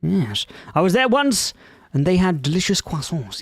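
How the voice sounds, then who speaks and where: A streamer, coding live and swearing at an AI chatbot. The speaker swings between low muttering, reading aloud and loud outbursts. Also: sing-song, moderate pace, breathy edge, dry recording, studio quality.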